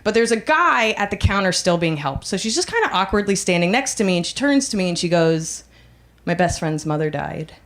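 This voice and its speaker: A woman in her thirties doing a stand-up set on a club stage, deadpan with dark jokes, laughing at her own lines. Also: medium pitch, a little fast, few pauses. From United States. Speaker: stand-up comic.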